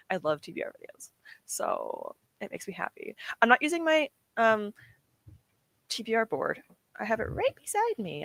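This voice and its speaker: A woman's voice: medium pitch, fairly bright tone, no room sound. A woman hosting a casual livestream, chatty and self-deprecating as she answers her chat, emotional and close to tears, with a sore throat. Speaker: livestream host.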